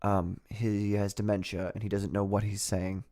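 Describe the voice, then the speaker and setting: A man's voice: on the low side, flat delivery, normal speed, mellow. A man hosting a casual livestream, rambling and sarcastic, often breaking into laughter. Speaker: livestream host.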